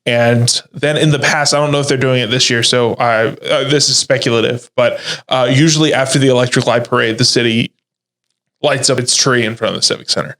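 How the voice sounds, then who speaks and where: A laid-back young man chatting on a local web show, easygoing and enthusiastic, with slangy asides. He is from Texas. His voice sits at an ordinary middle pitch for a man. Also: fairly even intonation, a little fast, a bit bright. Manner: laid-back, enthusiastic, says "dope" and "dude". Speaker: digital reporter guest. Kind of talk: casual chat.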